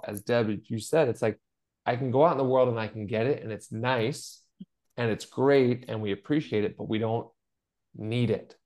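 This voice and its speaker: Lowish and a little mellow, this middle-aged man's voice carries a conversational podcast he co-hosts. He talks in an earnest, storytelling way, imitating the people he quotes.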